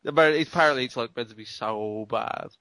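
A man co-hosting a casual podcast chat, talking quickly and laughing often. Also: mid-range voice, pushed and bright, no echo. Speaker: podcast co-host.

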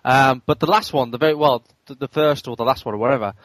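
A man's voice: medium pitch, quick pace, a bit bright, no room sound, rough recording. A man co-hosting a casual game podcast, talking chattily with jokey asides. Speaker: podcast co-host.

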